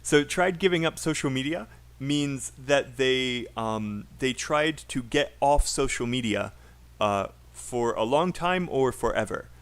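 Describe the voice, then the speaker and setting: A British man teaching a live online speaking class, talking to his students through a desk mic. He models sentences slowly in clear chunks with deliberate pauses, repeating words so listeners can copy them. His voice sits in a middling register. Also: mid-range voice, animated, fairly bright tone. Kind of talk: livestream speaking lesson.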